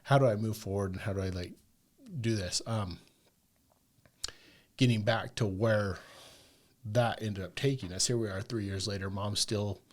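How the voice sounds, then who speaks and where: A man with a fairly low voice tells a long personal story on a podcast. He rambles conversationally and keeps checking in with the listener with "right?" and "like." The delivery is casual and unpolished. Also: steady tone, normal speed, long pauses. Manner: rambling, peppers talk with "like" and "right?". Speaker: podcast guest.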